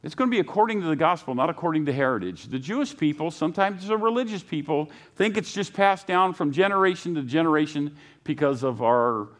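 A man's voice: a little high, lively intonation, a little fast, fairly bright tone. A male pastor preaching a sermon, reading scripture and rising into pointed rhetorical questions.

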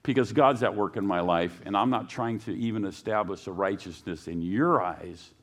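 A man's voice: lowish voice, moderate pace. A male pastor preaching a sermon, reading scripture and rising into pointed rhetorical questions.

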